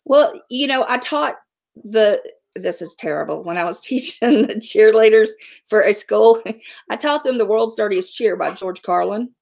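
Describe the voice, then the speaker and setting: A woman's voice: medium pitch, lively intonation, a little slow, vocal fry, a little mellow. A middle-aged woman hosting a casual livestream, talking bluntly, swearing freely and laughing often. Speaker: livestream host.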